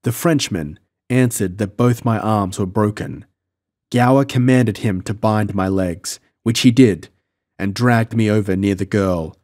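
A man reading an adventure story aloud as an audiobook narrator, in a measured storytelling manner. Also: lowish voice, dark tone. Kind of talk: scripted first-person narration.

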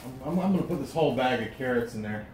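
A cooking vlogger with a Southern US accent chats casually while cooking in a hotel room, rambling with lots of restarts and fillers. His medium-pitched, slightly mellow voice moves quickly with lively intonation. The recording sounds roomy, with a distant mic and faint room hum.

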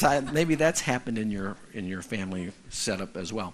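A man's voice: on the low side, lively intonation, normal speed, few pauses. Pastor guy giving a casual chatty sermon, voice swings up and down a lot, keeps checking in with the room. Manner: conversational, often checks in with the congregation.

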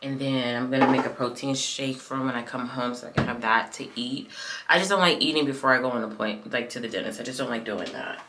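A woman's voice: extremely low pitch, fast. A woman vlogging in a casual chatty way, talking to her viewers from her car on a phone camera. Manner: chatty, rambling, talks to viewers. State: numb mouth after dental work, sleepy. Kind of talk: casual vlog chat. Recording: noisy car recording.

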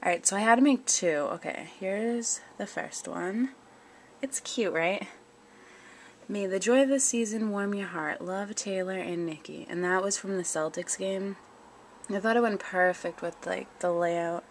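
A woman's voice: mid-range voice, unhurried, slight background noise. A young woman chatting casually in a home vlog, giggly and full of ums and likes. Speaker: vlogger.

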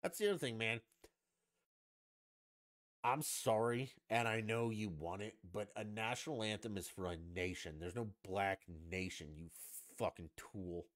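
A man's voice: fairly low pitch, a little slow. A man hosting a solo podcast, ranting in a profane, sarcastic and argumentative way. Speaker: podcast host.

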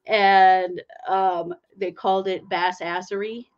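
A middle-aged woman co-hosting a podcast in animated casual chat, laughing often and easily riled up. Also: medium pitch, takes it slowly, muffled recording, very noisy. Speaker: podcast co-host.

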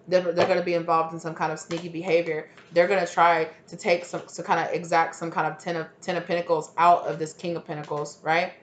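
Lady reading tarot cards, kinda low voice, rambly, says like a lot, blurts out oohs. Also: level tone, a little fast, hardly any pauses, a little hiss or hum. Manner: rambling, heavy use of "like", sudden exclamations. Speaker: tarot reader.

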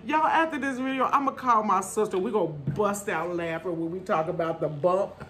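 A middle-aged woman vlogger telling a story in a casual, animated way, laughing often and calling her viewers y'all and honey. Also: medium pitch, moderate pace, slight background noise.

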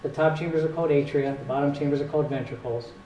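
Brief: male doctor with a Northern US accent, mellow tone, plain and patient, recorded from a distance in a roomy hall. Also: fairly high pitch, steady tone, racing. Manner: plain, patient explaining with dry jokes. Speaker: cardiologist giving a talk. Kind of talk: explanatory health talk with audience Q&A. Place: community hall at a retirement home. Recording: echoey hall, distant mic, faint hiss.

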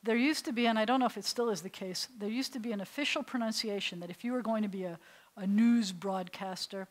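A woman's voice: medium pitch, quick pace, rough recording. A middle-aged woman, a rabbi, teaching a beginners' Hebrew class to adults in a synagogue classroom and telling stories as she asks the class questions. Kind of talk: classroom lecture to adult learners.

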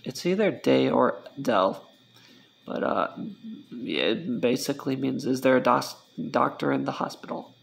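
Speaking in a creaky, mid-range voice, a man teaches Spanish informally. As the tutor, he takes things slowly, drills vocabulary by repeating words, and frequently pauses to correct himself.

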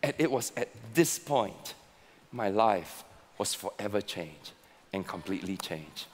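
A male pastor preaching a sermon with slow, emphatic delivery and repeated words. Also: fairly low pitch, expressive, a little hiss or hum. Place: large church auditorium. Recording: long reverb of a large hall.

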